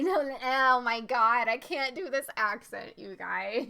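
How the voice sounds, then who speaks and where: A woman live-streaming a game, chatting casually and excitedly with frequent laughs. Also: fairly high pitch, slow pace, gravelly. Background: game music.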